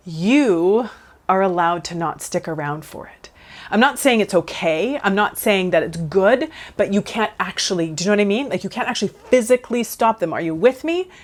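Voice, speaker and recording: A woman in her thirties, a counsellor giving casual advice straight to camera, animated and talking directly to her viewers. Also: mid-range voice.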